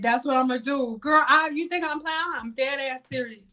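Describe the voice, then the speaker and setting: A woman hosting a casual hair care live stream, loud and dramatic, swearing and talking straight to her chat. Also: high-pitched, moderate pace, hardly any pauses, soft background music.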